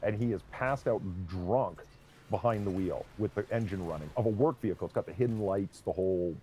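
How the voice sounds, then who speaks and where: A man streaming a game, chatting casually and telling an animated story, swearing freely. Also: lowish voice, brisk, a little hiss or hum. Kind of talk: casual chat while gaming.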